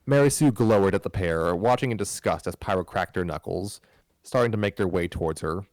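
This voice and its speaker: A man with a very low voice reads a fan story aloud on a live stream. He trips over words, restarts lines and drops wry asides. The sound is dry, with no room around it. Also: fairly quick, dry recording. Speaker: host reading a fan story.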